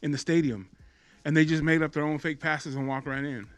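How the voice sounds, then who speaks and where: An animated man, co-hosting a podcast with emphatic, slangy casual chat. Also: a little high, brisk, dry recording. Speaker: podcast co-host.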